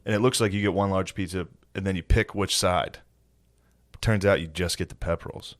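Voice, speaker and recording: Young guy with a low voice ranting about a pizza order on a podcast, swearing, dry close sound. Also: normal speed, no room sound. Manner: profane, animated storyteller acting out voices. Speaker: podcast co-host. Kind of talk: casual storytelling chat.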